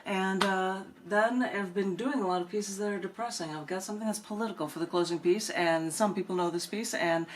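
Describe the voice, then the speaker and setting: A woman's voice: mid-range voice, brisk, hardly any pauses, slight background noise. A woman poet hosting an open mic, reading her poems and chatting between them in an easygoing, conversational way. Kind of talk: poetry reading with casual chat.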